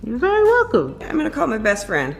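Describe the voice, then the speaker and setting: Animated, emotional higher-voiced woman. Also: fairly quick, gravelly. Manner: emotional, laughing. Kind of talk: casual talk in a played video.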